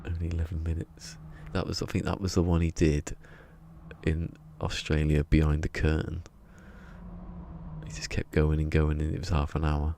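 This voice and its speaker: A man's voice: very deep voice, completely flat delivery, normal speed, gravelly, dark tone, slight background noise. A man chatting casually while streaming a game, rambling and chuckling as he talks to himself. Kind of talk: casual gaming stream chat. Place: home room.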